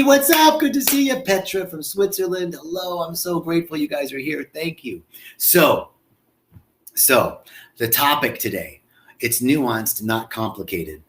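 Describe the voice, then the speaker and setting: An effusive man talks casually as the host of a live stream. His voice sits at a medium pitch, and he often stumbles and repeats words as he greets viewers by name. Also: fairly bright tone.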